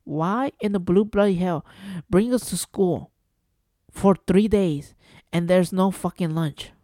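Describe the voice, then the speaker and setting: Here a man from New Jersey speaks slowly in a high, warm voice on his solo podcast. The studio-quality audio carries no echo. It's a casual rant, exasperated and full of profanity and rhetorical questions.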